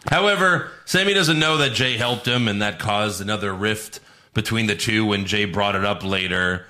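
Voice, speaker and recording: A man hosting a wrestling podcast, casually recapping matches and mimicking wrestlers with loud mocking shouts. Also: fairly low pitch, normal speed. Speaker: podcast host.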